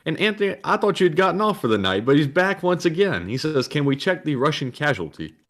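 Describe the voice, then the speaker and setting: A man's voice: on the high side, sing-song, quick pace, fairly bright tone. Easygoing man reading chat messages. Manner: plain, reads out messages, stumbles over words. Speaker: co-host reading viewer messages. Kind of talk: casual livestream chat.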